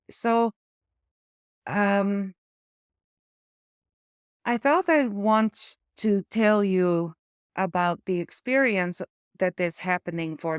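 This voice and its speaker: A woman with an Eastern European accent, talking in a casual vlog, halting and searching for words with small stutters, living with aphasia after a stroke. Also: on the low side, smooth, dry recording, studio quality. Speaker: memoir vlogger.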